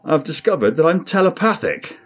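A man's voice: medium pitch, very animated, moderate pace, husky, pitched above the performer's own voice. A man voicing a grim, sardonic male alien crewman who speaks dryly and insistently. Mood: troubled. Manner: dry, insistent, ominous.

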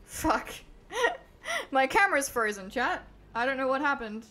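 A woman's voice: high voice, very animated, a little slow, pushed and bright. An Australian woman giving dramatic, exasperated let's-play commentary as a gaming streamer, swearing often.

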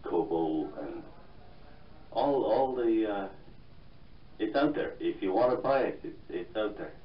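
A man from Ireland with a mixed Irish, London and Canadian accent, talking haltingly as a guest author in a radio interview, with many fillers and restarts. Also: on the low side, animated, reverberant, far from the mic, highs cut off.

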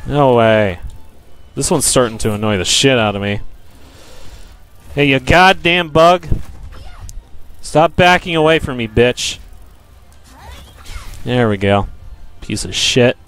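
A young man giving profane, frustrated gameplay commentary, yelling at enemies and joking with viewers. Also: medium pitch, animated, slow pace, pauses often, clear, resonant tone, soft background music. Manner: jokey self-promotion to viewers. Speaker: let's play gamer.

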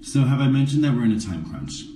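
A man's voice: medium pitch, sing-song, quick pace, warm tone, echoey room, far from the mic, slight background noise, low-quality recording. A man doing a drag makeup tutorial in a casual live stream, campy and sarcastic with rambling asides, in a dressing room before a show. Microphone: phone camera, a bit away.

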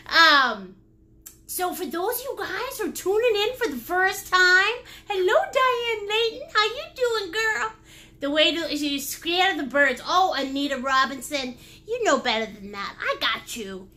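A silly, joking woman leads a live painting session and greets viewers by name. Her voice sits very high and bright, with wide, lively swings in pitch. She takes her time, drawing out her words. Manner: animated, breaks into laughs and silly sounds. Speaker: painting instructor and livestream host. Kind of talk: lively livestream painting class.

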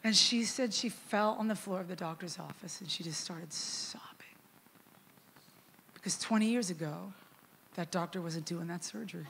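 A middle-aged woman preaching a sermon as a guest worship leader, telling a story in a lively, conversational way and acting out the quotes. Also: fairly low pitch, normal speed, gravelly, a little hiss or hum.

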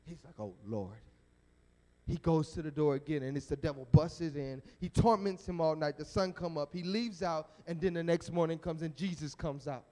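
High-voiced preacher telling a story. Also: male voice, a little fast, hardly any pauses. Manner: animated, dramatic storytelling. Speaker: evangelist. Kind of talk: storytelling sermon at a youth rally. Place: church sanctuary. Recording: echoey church sanctuary.

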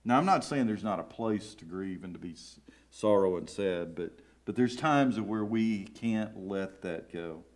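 A man's voice: on the low side, lively intonation, measured pace, darkish tone. A middle-aged man with a Southern US accent, preaching a sermon in a church sanctuary with emotional, emphatic swells. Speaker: pastor.

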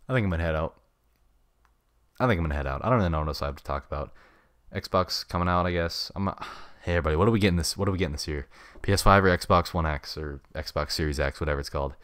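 A man's voice: low-pitched, fairly bright tone, no room sound, clean studio sound. A young man in his late teens hosting a solo podcast from his room into a mic with a pop filter, rambling in laid-back slang. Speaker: podcast host. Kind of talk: unscripted solo podcast chat. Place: home room. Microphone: studio mic with pop filter.

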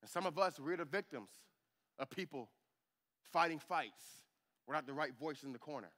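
A man's voice: a little high, normal speed, sharp tone. A man preaching a sermon as pastor of a church, calling out to the congregation for amens. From United States. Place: church sanctuary.

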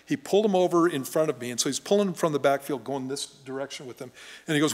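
A man's voice: a little high, fast, a little mellow. A middle-aged male pastor preaching in a conversational, folksy storytelling way in a church. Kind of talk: conversational sermon. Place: church sanctuary. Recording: long church reverb.

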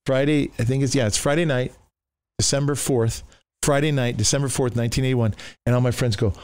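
An older man, a pastor, telling his testimony in an animated way, acting out the voices he quotes, with rambling restarts. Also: mid-range voice, a little fast, smooth, no echo, clean studio sound. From Oregon, US. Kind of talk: animated storytelling.

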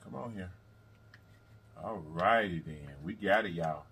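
A man hosting a mukbang eating video in casual chat, animated and repetitive, calling his viewers y'all and honey. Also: deep voice, unhurried, breathy edge. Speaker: mukbang host. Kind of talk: casual eating vlog talk.

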